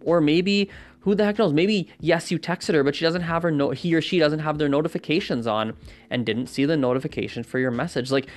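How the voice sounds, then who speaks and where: A man's voice: on the high side, fairly quick. A man giving language-learning advice in a casual monologue. He rambles, restarts his sentences and keeps checking in with "right?". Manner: rambling, with many fillers and self-corrections; conversational, often asks "right?".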